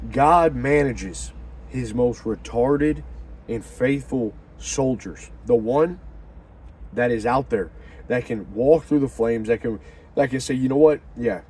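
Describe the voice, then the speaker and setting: Man, mid pitch, slangy, profane motivational preacher who swings from loud to hushed, faint hum behind. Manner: swings from fired-up shouting to hushed low murmurs. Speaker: motivational talker. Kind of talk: animated religious pep talk.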